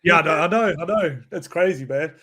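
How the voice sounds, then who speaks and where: Slightly high-voiced guy, slangy. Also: fairly quick, sharp tone. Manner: slangy, fills lines with "bro" and "like". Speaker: podcast guest. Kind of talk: casual chat.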